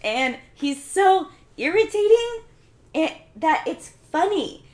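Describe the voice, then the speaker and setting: A woman's voice: very high voice, very animated, slow pace, darkish tone. A woman in a casual chat among friends, giving emphatic, easygoing opinions.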